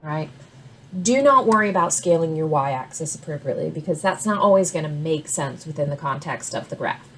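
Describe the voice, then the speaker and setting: A woman's voice: sits low, expressive, fairly quick, a little hiss or hum. A woman recording a math lesson, explaining step by step with patient "all right?" check-ins. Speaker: math instructor.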